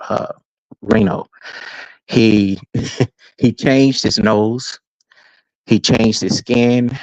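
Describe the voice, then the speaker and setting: A man's voice: lowish voice, no echo, highs cut off. A man guest on a podcast, telling a story casually and laughing easily, heard over a remote call.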